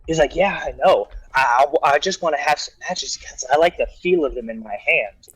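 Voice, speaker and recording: A man's voice: fairly high pitch, expressive, normal speed, fairly bright tone, husky, no echo, rough recording. Male storyteller, casual and rambling, acts out quotes, dry close recording. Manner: rambling anecdote with acted-out quotes and restarts. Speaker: guest storyteller.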